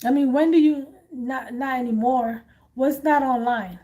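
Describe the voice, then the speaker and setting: A woman hosting a casual chat, animated and blunt, laughing often. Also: high-pitched, unhurried. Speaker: host.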